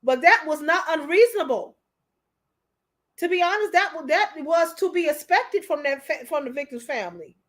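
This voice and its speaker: Emotional, preachy high-voiced woman. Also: expressive, normal speed, a bit bright. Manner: preachy, repeats herself, calls listeners honey. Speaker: commentator. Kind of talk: emotional commentary.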